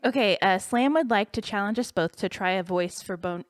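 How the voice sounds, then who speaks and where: A woman's voice: medium pitch, normal speed, no room sound. A young woman co-hosting a podcast, chatting casually in a giggly, rambling way. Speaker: podcast co-host. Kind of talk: casual chat.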